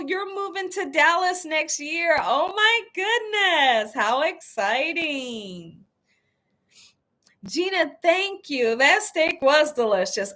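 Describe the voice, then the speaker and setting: Hosting a cooking channel live stream, a woman chats casually with viewers and reads their comments aloud. Her very high voice is bright and forceful, and she is emphatic and playful, laughing often.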